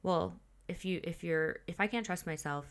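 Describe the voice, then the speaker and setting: A woman's voice: lowish voice, normal speed. A young woman from the Midwest, hosting a podcast in casual chat, candid and swearing freely, restarting her sentences often. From Huntley, Illinois. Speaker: podcast host.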